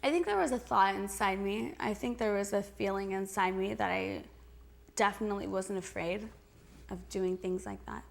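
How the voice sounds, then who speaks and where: A woman's voice: medium pitch, normal speed, vocal fry. A young adult woman answering interview questions in a chatty, giggly way, full of "like" and restarts. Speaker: interview guest.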